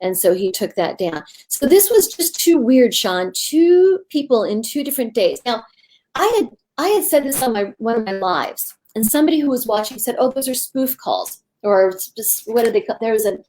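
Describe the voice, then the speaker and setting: A woman's voice: fairly high pitch, moderate pace. A woman appearing as a guest medium, telling her story in a casual, rambling way with many fillers. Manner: rambling, animated retelling with fillers.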